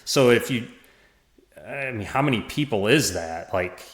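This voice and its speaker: A man talking as a podcast guest, in a halting way with many restarts and small laughs. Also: mid-range voice, lively intonation. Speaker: podcast guest, former parish administrator. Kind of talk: casual conversation. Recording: roomy echo.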